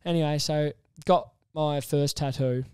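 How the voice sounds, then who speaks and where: A young man, co-hosting a casual podcast chat and telling an animated story while swearing freely. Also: a little high, a little slow, smooth, no echo, studio quality. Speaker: podcast co-host.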